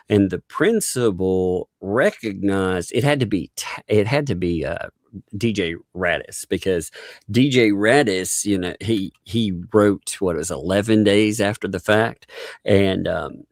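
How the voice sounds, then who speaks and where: Low-voiced man laughing through rambling chat. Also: expressive, unhurried, no room sound, clean studio sound. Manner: laughs often, rambling with restarts. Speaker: host. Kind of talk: casual livestream chat.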